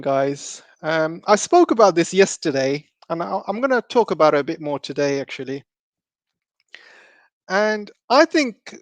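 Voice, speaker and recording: Male streamer, somewhat high voice, loose and rambling with frequent filler words, dry room. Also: no echo. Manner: loose, rambling, with many ums and restarts. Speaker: live stream host. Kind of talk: live stream commentary.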